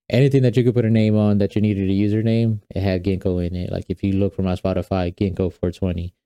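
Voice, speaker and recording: A man's voice: deep voice, dark tone, clean tone, no room sound. A young man hosting his own podcast, talking casually and rambling with fillers and restarts. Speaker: podcast host. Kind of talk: casual solo podcast talk.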